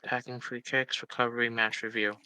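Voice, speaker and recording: A man playing a game on stream, calmly talking through his moves. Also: mid-range voice, fairly quick, smooth, dry recording, rough recording. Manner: calm, matter-of-fact, narrating his moves. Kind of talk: casual gaming chat.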